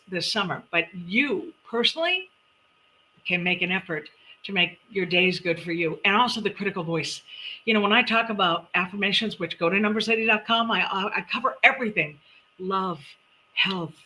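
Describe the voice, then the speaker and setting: Middle-aged woman host, bright and upbeat, chatty live-stream delivery. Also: medium pitch, low-quality recording. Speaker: numerologist host. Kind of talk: live-stream chat and readings.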